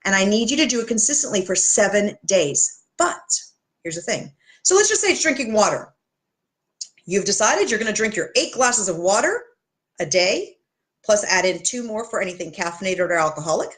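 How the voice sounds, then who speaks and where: A woman's voice: medium pitch, sing-song, moderate pace. A woman health coach talking straight to camera, giving blunt, tough-love motivational advice with chatty asides. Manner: chatty, with asides and self-corrections.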